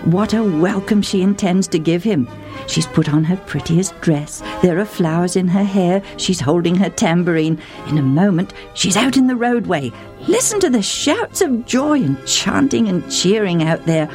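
A woman's voice: on the low side, animated, moderate pace, a little mellow, faint music behind. A woman telling a story with vivid emotion, speaking straight to her listeners. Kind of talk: dramatic story narration.

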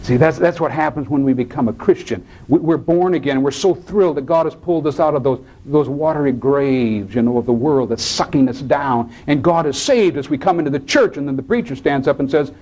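A man preaching a sermon, addressing listeners as beloved and swinging from low hushed tones to high cries when he quotes. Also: a little fast, few pauses, poor audio. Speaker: pastor.

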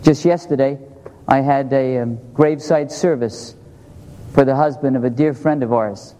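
A man's voice: mid-range voice, fairly even intonation, normal speed, mellow, in a large hall, poor audio. A man pastor preaching a sermon, telling a personal story in an earnest way with quoted dialogue and rhetorical questions.

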